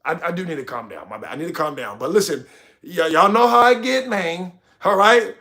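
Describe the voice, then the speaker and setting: A man's voice: high voice, lively intonation, fairly quick, sharp tone. A young man hosting a livestream, talking passionately and ranting straight to his chat. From United States. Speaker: livestream host. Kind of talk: heated livestream commentary.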